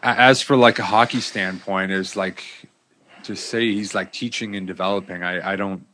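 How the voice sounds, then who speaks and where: A man's voice: low-pitched, fairly even intonation, normal speed, sharp tone, slight background noise. A man who is a former pro hockey player, speaking as a podcast guest in a blunt, candid, casual way. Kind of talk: casual interview chat.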